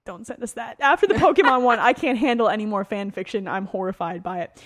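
A woman co-hosting a casual podcast, talking quickly and joking. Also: medium pitch. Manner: fast, animated and joking. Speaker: podcast co-host. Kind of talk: casual chat.

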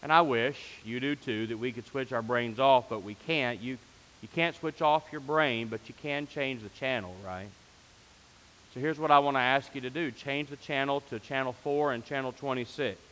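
Pastor preaching in a reverberant hall. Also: male voice, mid-range voice, normal speed, a bit bright. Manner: preaching, rising to fervent emphasis in repeated phrases. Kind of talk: sermon.

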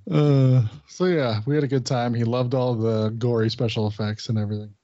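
A man's voice: mid-range voice, steady tone, a little fast, mellow, no echo. Rambling, swearing man on a podcast. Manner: rambling storyteller, swears, acts out friend's lines. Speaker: podcast co-host. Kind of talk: casual chat. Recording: dull lo-fi podcast audio.

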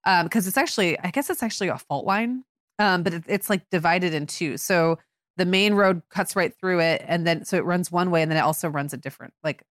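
A woman's voice: lowish voice, fairly quick, no room sound, clean studio sound. A middle-aged woman from Michigan co-hosting a parenting podcast, chatting casually and filling her talk with "like.". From Michigan, USA. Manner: chatty, many "like" fillers. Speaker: podcast co-host and mother. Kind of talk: casual chat.

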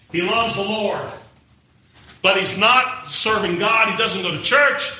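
A man preaching a sermon in a church, emphatic and rising to shouts as he draws in the congregation. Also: high-pitched, unhurried. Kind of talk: sermon with live demonstration. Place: church sanctuary. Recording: echoey church from a distant mic, faint noise.

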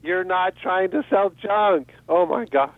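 A man's voice: sits high, a little slow, dry recording. A man giving selling tips as a guest on a radio show, upbeat and laughing often. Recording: dry, tinny phone line.

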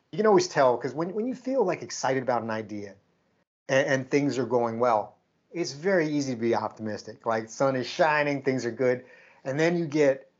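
A man's voice: medium pitch, muffled recording. A man co-hosting a podcast, telling a story in casual chat and acting out the back-and-forth of what people said. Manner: animated, acts out quoted exchanges. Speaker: podcast co-host.

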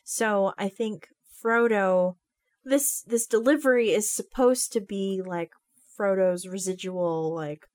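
A woman discussing a film in casual conversation, animated and quick to laugh. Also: mid-range voice. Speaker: podcast co-host.

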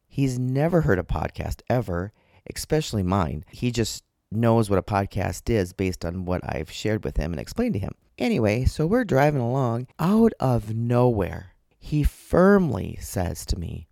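A man's voice: mid-range voice, very animated, measured pace, vocal fry, warm tone, dry recording, clean studio sound. A man hosting his podcast alone from his couch, telling a story in an earnest, reflective way into a portable microphone plugged into his phone. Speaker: podcast host. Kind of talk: casual solo podcast monologue. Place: home, sitting on a couch. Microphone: portable microphone attached to a phone.

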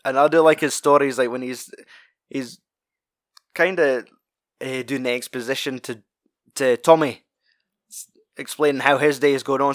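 A man's voice: medium pitch, steady tone, moderate pace, pauses often, dry recording, clean studio sound. A man chatting casually about a film, rambling, swearing freely and laughing often.

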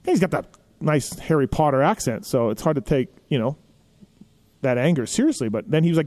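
A man hosting a podcast, telling stories in a casual, animated way with lots of filler phrases. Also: mid-range voice, brisk. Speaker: podcast host.

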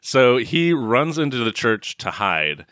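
A man telling a film's story in a casual podcast chat, his voice jumping around in pitch as he acts out the scenes. He laughs often and swears now and then. The sound is dry and close, with no room around it. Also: big pitch swings, slow pace, a bit bright, no room sound. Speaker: podcast co-host. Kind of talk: casual movie recap chat.

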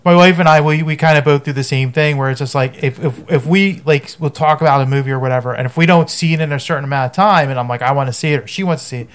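A man co-hosting a podcast, talking casually in halting, self-repeating bursts. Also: a little high. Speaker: podcast co-host. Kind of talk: casual chat.

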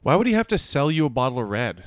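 Animated, teasing man in casual chat. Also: medium pitch, fast, dry recording, studio quality. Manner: blunt, teasing, swears a lot. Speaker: podcast co-host.

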